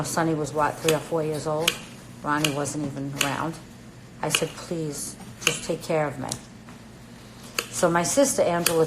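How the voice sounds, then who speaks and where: A middle-aged woman with a fairly low voice tells a long personal story on a home livestream, blunt and chatty, swearing freely. She acts out the lines of the people in her story. Clattering dishes and other noise sound clearly behind her. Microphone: phone livestream.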